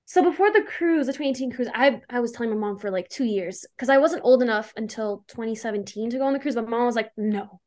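Young woman gushing about a fan moment, says like constantly, voice sits a bit high. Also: quick pace, hardly any pauses. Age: young adult. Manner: gushing, filler-heavy with "like". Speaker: fan guest. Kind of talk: casual storytelling chat.

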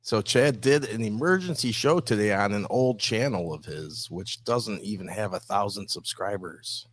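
Low-voiced easygoing male co-host. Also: lively intonation, moderate pace. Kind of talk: comedic livestream banter.

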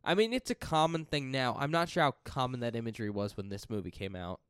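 Man, podcast co-host, measured, explanatory, smooth resonant voice, dry recording. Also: medium pitch, a bit bright, dry recording. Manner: measured, explains and leads the segments. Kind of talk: casual chat.

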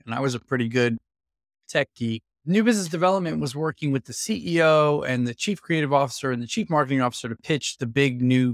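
Man, 50s, interview guest; lively anecdotal storyteller, mid voice, dry close sound. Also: medium pitch, vocal fry, no echo. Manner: lively storyteller who acts out quoted dialogue. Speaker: guest, executive consultancy founder.

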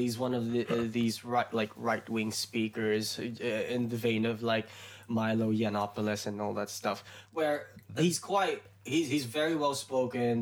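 A man hosting a casual podcast discussion, asking questions in a halting way with lots of fillers and restarts. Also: medium pitch. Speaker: podcast host.

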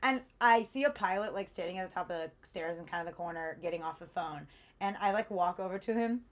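A young adult woman telling a story in casual chat, animated, acting out what people said, with many "like" fillers. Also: fairly low pitch, fast. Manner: heavy use of "like" as filler. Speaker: storyteller in a conversation.

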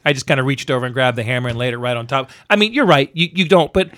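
Animated storytelling man, dry close sound. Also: medium pitch, racing, dry recording. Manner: animated, acts out angry shouting in quotes. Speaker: tradesman telling a story. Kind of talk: casual storytelling chat.

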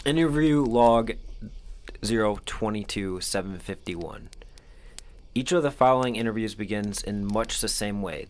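A man reading a document aloud in a relaxed, offhand co-host style. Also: on the low side. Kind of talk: casual reading with banter.

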